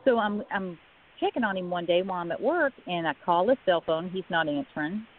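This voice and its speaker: Woman's husky voice over a phone line. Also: lowish voice, animated, brisk. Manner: conversational, quoting others in a retold story. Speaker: guest. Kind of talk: personal story in a radio interview.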